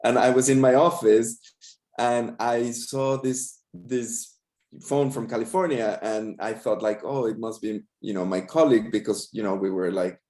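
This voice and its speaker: A man filmmaker talks over a video call, thoughtful and a little hesitant, often restarting his sentences. His voice is mellow and dark. The room around him is echoey. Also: mid-range voice, steady tone, moderate pace. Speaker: filmmaker guest. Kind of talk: casual interview storytelling.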